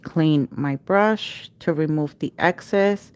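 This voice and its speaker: In a livestream tutorial, a woman with a lowish voice and measured pace teaches a live nail art class. She gives patient step-by-step instructions and chants repeated cue words while she works.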